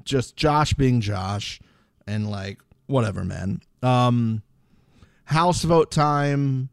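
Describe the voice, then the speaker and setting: A man's voice: medium pitch, drawn-out words, gravelly, smooth, no room sound, clean studio sound. A man co-hosting a casual reality show recap podcast, talking in an easygoing way with lots of fillers. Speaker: podcast co-host.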